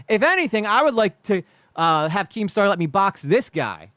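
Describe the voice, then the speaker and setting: High, lively man ranting indignantly. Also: moderate pace, no room sound, clean studio sound. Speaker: streamer reacting to videos. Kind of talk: live reaction commentary.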